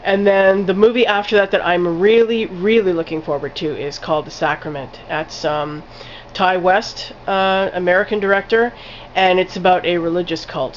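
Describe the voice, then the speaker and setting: A woman's voice: fairly low pitch, lo-fi sound, a little hiss or hum. A woman giving a casual spoken film review, rambling with lots of "like" fillers and casual swearing.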